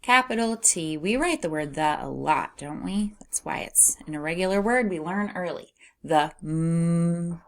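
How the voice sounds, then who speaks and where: A woman teaches a phonics lesson to young readers, reading aloud as she patiently spells out letters and sounds out words. Her lowish voice is expressive, at a moderate pace with few pauses.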